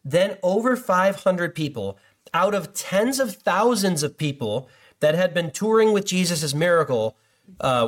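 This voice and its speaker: A man preaching a sermon in a conversational way, acting out listeners' doubts as he goes. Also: fairly high pitch. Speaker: pastor.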